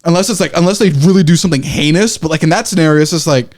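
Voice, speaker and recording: A young man co-hosts a casual podcast, talking in an animated, rambling way with casual swearing. His voice sits somewhat high for a man. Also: very fast. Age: young adult. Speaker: podcast co-host.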